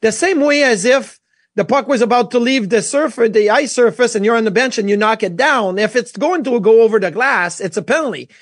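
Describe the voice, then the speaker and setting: A man, a former goalie co-hosting a casual sports talk show, telling animated stories with many restarts. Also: very high-pitched, brisk, slightly rough, no echo, clean studio sound. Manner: animated storyteller, lots of restarts.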